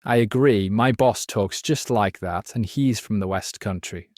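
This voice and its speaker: A man playing a quiz contestant, confident and quick to object. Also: fairly low pitch, a little mellow. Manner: confident, indignant. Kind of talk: casual banter.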